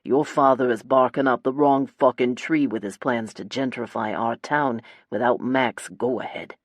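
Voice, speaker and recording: A woman's voice: rumbling low, expressive, normal speed, a little mellow, dry recording, voice pushed down. Woman doing a crude menacing gangster man. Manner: threatening, crude, mocking. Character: menacing male gangster kidnapper, cruel and taunting. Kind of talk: audiobook character voice.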